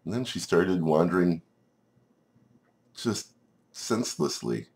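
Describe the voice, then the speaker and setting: A man's voice: deep voice, very animated, slow pace, pauses often, a little mellow. A man narrating a game like a storybook, playful, with chuckling asides. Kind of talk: storybook narration over gameplay.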